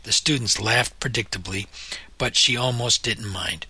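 A man narrating a novel in a measured storytelling manner. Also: on the low side, sharp tone, slightly rough. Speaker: audiobook narrator. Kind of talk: scripted narration.

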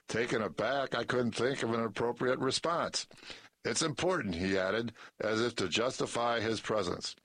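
A man reads news articles and a brief personal essay aloud, keeping a steady, measured pace. His pitch is average for a man, and the audio is dry and close with no room echo.

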